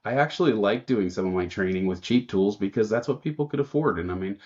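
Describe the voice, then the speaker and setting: A man's voice: on the low side, quick pace, highs cut off. A man guesting on a podcast as an automotive trainer, telling shop stories in a casual way and acting out the lines of people he quotes. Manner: animated storyteller who acts out quotes.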